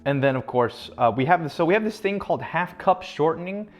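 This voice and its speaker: A man's voice: fairly high pitch, expressive, brisk, soft background music. A young man hosting a casual cooking vlog from his home kitchen, rambling and cracking self-mocking jokes as he works. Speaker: home cook vlogger.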